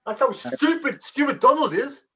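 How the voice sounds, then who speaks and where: Blunt, high-voiced ranting man. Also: animated, measured pace, pushed and bright. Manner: blunt, swearing ranter. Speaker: panel guest. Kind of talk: casual live panel chat.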